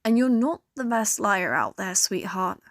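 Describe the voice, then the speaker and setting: A woman's voice: mid-range voice, sing-song, unhurried, no room sound, studio quality. A woman voicing a hot-tempered, protective young woman who is blunt but tender with her partner. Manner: blunt, tender toward partner, angry at abuser.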